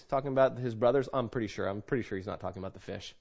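A middle-aged man preaching a sermon as pastor, telling stories with animated swings between loud and hushed delivery. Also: medium pitch, rapid-fire, gravelly, few pauses. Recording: dull lo-fi sound.

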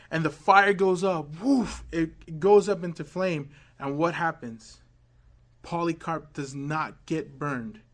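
Guy preaching, kinda high voice, goes quiet then builds up loud, dramatic storytelling. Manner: dramatic, swings from hushed quotes to loud build-ups. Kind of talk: sermon storytelling.

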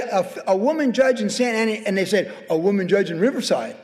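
A man's voice: high-pitched, a little fast, few pauses, darkish tone. A middle-aged man, a pastor preaching a conversational sermon that rises to emphatic exhortation, in a church sanctuary. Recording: long hall reverb.

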